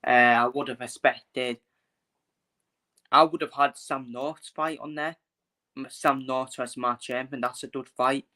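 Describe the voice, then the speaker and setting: Male streamer, casual repetitive delivery, bright tone, narrow pitch. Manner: repeats himself, fillers, talks to viewers. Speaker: boxing vlogger. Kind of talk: casual live-stream commentary.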